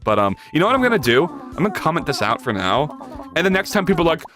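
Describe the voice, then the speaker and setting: Brief: male coding streamer, wildly lively pitch, slightly high, rambling and swearing, faint music underneath. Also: fast. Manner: profane, rambling and jokey, with big pitch swings. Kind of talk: casual coding livestream chat.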